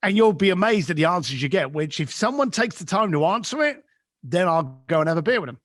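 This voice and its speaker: Lively man telling a story. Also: fast, no echo, studio quality. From East London, England. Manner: acts out quoted voices, swings pitch and volume. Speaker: podcast guest. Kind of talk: animated storytelling.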